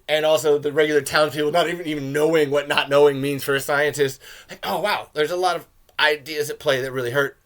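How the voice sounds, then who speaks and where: A man hosting a podcast, reviewing a film in a casual, profane and rambling rant that turns excitable. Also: fairly high pitch, a little fast. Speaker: podcast host.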